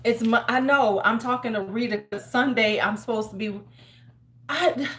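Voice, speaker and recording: A woman's voice: a little high, moderate pace, a bit bright, a little hiss or hum. Chatty woman hosting a home livestream. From United States. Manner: chatty, greets viewers by name, talks to herself while busy. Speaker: beauty livestream host. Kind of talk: casual livestream chat. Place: home in winter.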